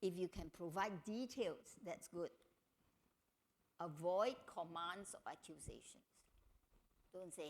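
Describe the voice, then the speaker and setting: A middle-aged woman giving a family seminar talk, telling stories and acting out quotes in a higher voice. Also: slow pace, long pauses. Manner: animated storytelling, acts out quotes in a higher voice. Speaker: seminar speaker.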